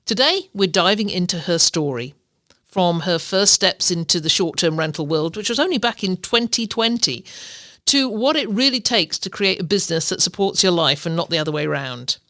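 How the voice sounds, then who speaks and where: A woman's voice: on the low side, lively intonation, normal speed, a bit bright, no echo, studio quality. A middle-aged woman with an English accent, hosting a podcast interview in an upbeat way and laughing often. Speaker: podcast host.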